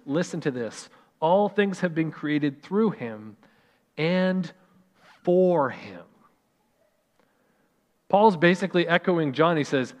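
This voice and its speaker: A pastor in his thirties preaches with a slightly high, animated voice, slowing right down to lean on each line of scripture. His voice carries with a long reverb through a church sanctuary. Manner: animated, dramatic slow emphasis on scripture. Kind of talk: sermon.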